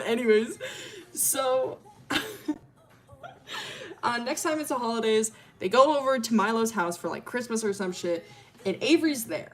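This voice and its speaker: A woman's voice: a little high, expressive, unhurried, long pauses. A young woman streamer casually telling a story, rambling with lots of fillers, swearing and laughing often. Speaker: streamer telling character lore.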